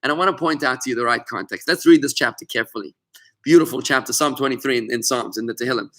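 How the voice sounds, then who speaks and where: Teaching Torah online, a man with a medium-pitched, slightly bright voice moves at a quick pace. He stresses his points passionately and frequently addresses his students by name.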